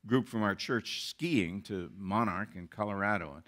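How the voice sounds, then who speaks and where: A man's voice: on the low side, moderate pace, pushed and bright. A man who is a pastor, preaching a sermon with earnest rising emphasis.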